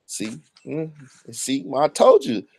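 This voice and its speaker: A man's voice: mid-range voice, wildly swooping pitch, takes it slowly, creaky, warm tone. A man, talking bluntly and profanely in a casual monologue, often stumbling over his words. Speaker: online commentator.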